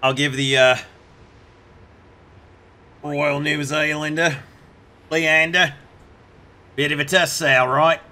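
A man's voice: on the high side, flat delivery, slow pace, pauses often, bright, forceful tone. A man giving casual, amused commentary while playing a naval game, now and then putting on joking accents. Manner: chatty, amused, puts on mock accents for jokes. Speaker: gameplay video host.

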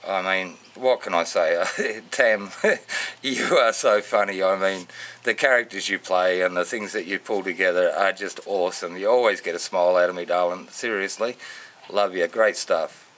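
A man with an Australian accent giving casual, unscripted shout-outs in a matey, rambling way full of slang. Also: low voice, moderate pace. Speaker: vlogger.

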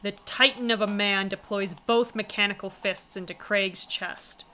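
Bright-voiced woman streamer reading aloud. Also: mid-range voice, steady tone, normal speed, slight background noise. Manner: wry, chatty asides. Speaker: streamer reading a visual novel. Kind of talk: casual reading with commentary.

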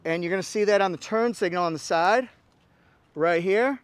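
A man's voice: sits high, moderate pace, smooth, no room sound. A man giving an upbeat, jokey walkaround car review, with playful exclamations.

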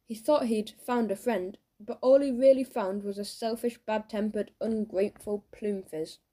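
A woman narrating a children's audiobook in a lively storytelling manner, giving each character a voice. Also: medium pitch, moderate pace.

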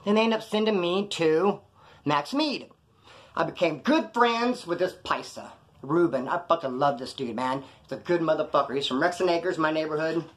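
With a fairly high, expressive voice at a moderate pace, a California man shares loose, foul-mouthed jail stories, voicing the people involved as he rambles through them.

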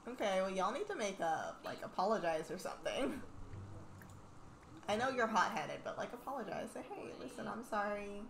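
A woman's voice: mid-range voice, very animated, normal speed, creaky, roomy sound, slight background noise. A young woman in casual gameplay commentary, chatting and teasing at the game characters as she plays. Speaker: gaming channel host.

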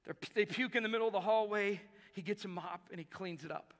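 A man's voice: high-pitched, fast talker, a bit bright. A male pastor preaching a sermon in a church, emphatic and repeating key phrases for effect. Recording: long reverb of a large hall.

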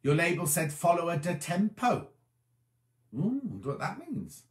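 Sounding tired yet very animated, this male host chats casually on a live stream, reading out viewer comments and rambling through his replies. His voice sits on the high side at a normal speed, and the room is audible.

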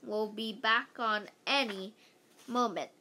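A woman's voice: fairly high pitch, slow, bright, forceful tone. A woman voicing a male school principal in a read-aloud storybook, speaking firmly and reassuringly.

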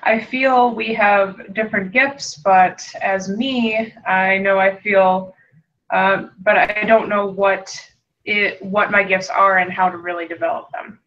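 A woman's voice: mid-range voice, steady tone, slow, a bit bright. Hesitant woman reading questions, muffled. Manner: hesitant, with many fillers.

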